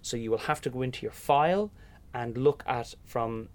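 A man's voice: mid-range voice, moderate pace. A young Irish man, a musical theatre performer, telling stories in a casual interview and acting out the voices in them. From Ireland. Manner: animated, acts out voices in anecdotes.

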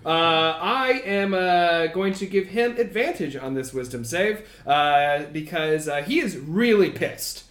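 A man with a fairly high voice runs a tabletop game. He narrates in a loose, stop-start way with plenty of fillers, and the recording sounds roomy and echoey. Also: lively intonation. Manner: loose and halting, with many fillers. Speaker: game master. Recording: roomy echo.

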